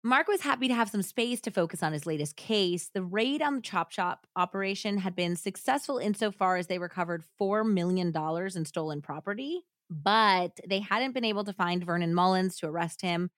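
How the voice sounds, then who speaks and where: A woman's voice: mid-range voice, normal speed, few pauses, fairly bright tone, no echo, clean studio sound. A woman hosting a podcast, telling a true-crime story casually with many fillers and laughs. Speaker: podcast host.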